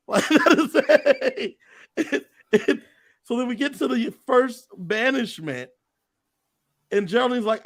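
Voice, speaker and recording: Male podcast co-host, high voice, animated storyteller energy. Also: moderate pace. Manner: animated storyteller, acts out quotes. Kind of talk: casual chat recapping a reality show.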